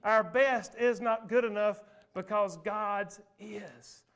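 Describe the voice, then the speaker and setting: High-voiced preacher, animated. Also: male voice, slow. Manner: animated preaching, calls out to the congregation. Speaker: pastor. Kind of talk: sermon. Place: church sanctuary.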